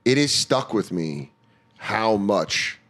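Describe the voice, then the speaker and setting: A man's voice: on the low side, sing-song, takes it slowly, fairly bright tone. A man chatting casually on a podcast, telling stories and acting out quoted voices along the way. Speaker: podcast guest, comedian. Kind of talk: casual chat.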